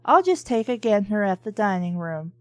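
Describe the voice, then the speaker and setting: A woman's voice: mid-range voice, big pitch swings, normal speed, darkish tone, dry recording, natural voice. A woman reading the lines of a blunt, short-tempered heroine who snaps back irritably. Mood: irritated.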